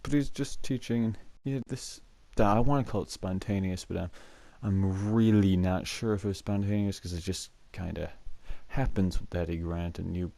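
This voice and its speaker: Low gravelly young man rambling. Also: fairly even intonation, moderate pace, hardly any pauses, mellow, no echo. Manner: rambling, chuckling, many fillers. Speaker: student storyteller, show host. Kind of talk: casual storytelling to camera. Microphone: mic that cuts out.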